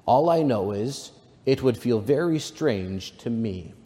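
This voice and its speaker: A bashful, courteous storybook girl, read aloud by a man, hesitant and a little confused. The voice is slow and mellow. A long reverb follows her words. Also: medium pitch, expressive. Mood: polite. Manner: hesitant and polite. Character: shy, polite, confused young girl.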